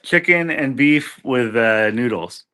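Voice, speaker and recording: A man's voice: mid-range voice, slow pace, sharp tone. A laid-back man co-hosting a casual podcast, answering hesitantly and getting easily sidetracked. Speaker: podcast co-host.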